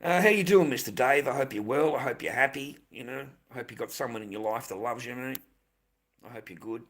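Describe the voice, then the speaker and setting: A man's voice: mid-range voice, fairly quick, a bit bright, a little hiss or hum. An older Australian man talking casually on a livestream, blunt and repetitive, swearing often as he vents.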